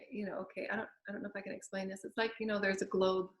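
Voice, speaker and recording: A woman leads a spiritual channeling session in a soft, gentle, unhurried voice. Her pitch sits in a middle range. The room around her is echoey. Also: flat delivery. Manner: soft, gentle, flowing speech with many pauses. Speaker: channeler and medium.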